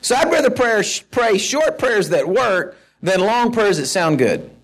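A middle-aged man preaching a sermon in a folksy, animated way, with asides to the congregation. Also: sits high, measured pace. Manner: folksy, animated, with asides and shouted mock-rants. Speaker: pastor.

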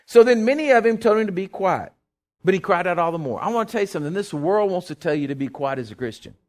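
A man preaches. His voice sits high and swings widely in pitch, and he breaks into sudden loud bursts. He throws in folksy jokes and checks in with the congregation. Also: fast talker. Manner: animated preaching with sudden loud bursts and call-and-response asides; folksy, joking asides. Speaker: pastor. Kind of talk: sermon.

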